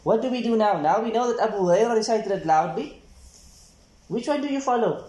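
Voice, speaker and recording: A man teaching a hadith class, reading Arabic text quickly, translating it, and asking the class rhetorical questions. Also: sits high, lively intonation, dark tone. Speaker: Islamic studies teacher. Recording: echoey room.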